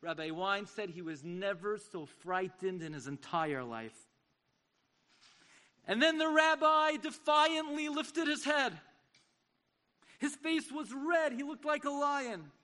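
Impassioned preacher, high and bright. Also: male voice, animated, slow pace. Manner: impassioned, sweeping from hushed to loud. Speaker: speaker at a community event. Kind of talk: sermon-style storytelling.

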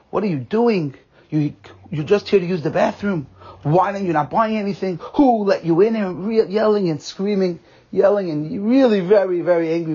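A man's voice: mid-range voice, darkish tone, breathy edge. A man giving a pre-Sabbath sermon as a rabbi, telling a story with earnest, repeated emphasis. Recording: dull lo-fi recording.

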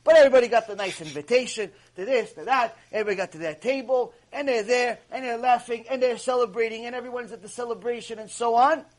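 A man teaching a religious lecture, emphatic and animated, telling stories and repeating points for effect. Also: very high-pitched, fast talker, few pauses. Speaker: rabbi teaching a lecture series.

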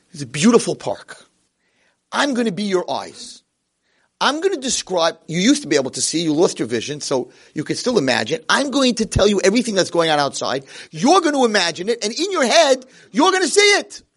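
Cheerful old gentleman, kindly and coaxing, voice lifted a little above normal, played by a male speaker. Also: a little high, slightly rough, voice pushed up, full character voice.

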